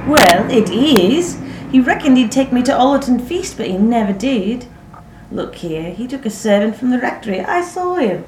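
A woman's voice: a little high, big pitch swings, moderate pace, darkish tone, a little hiss or hum, voice pushed up. A woman narrator voicing a bold, practical teenage country girl who chatters eagerly, using northern English dialect words. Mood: indignant. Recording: roomy echo.

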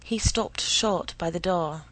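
A woman's voice: fairly low pitch, slow, a bit bright, poor audio. A woman giving a dramatic reading of a first-person story, often sinking into an unvoiced whisper, with an unsettled, feverish delivery. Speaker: reader.

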